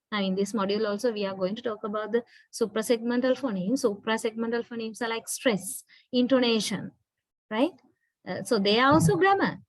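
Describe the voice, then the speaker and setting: A woman's voice: a little high, no room sound, low-quality recording. A woman lecturer with a Sri Lankan English accent, patiently explaining in an online class and often checking in with her students.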